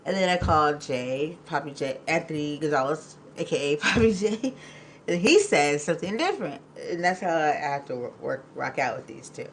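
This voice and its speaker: A woman's voice: low voice, lively intonation, normal speed, rough recording. Woman host rambling on a live stream, gets teary and laughy, bit of faint noise behind. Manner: emotional, laughs often, rambling. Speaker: podcast host. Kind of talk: casual livestream chat.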